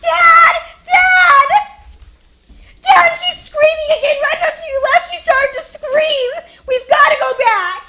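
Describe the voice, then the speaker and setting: A woman playing a frightened, stubborn young girl in a live old-time radio drama, pleading, crying and shouting. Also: very high-pitched, moderate pace, few pauses. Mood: desperate.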